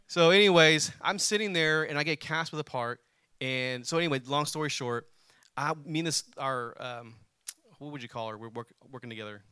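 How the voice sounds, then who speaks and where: A man's voice: fairly high pitch, clear, resonant tone, dry recording, clean studio sound. A man preaching a sermon, telling a personal story and calling on the congregation to answer back. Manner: animated, calls on the congregation to respond.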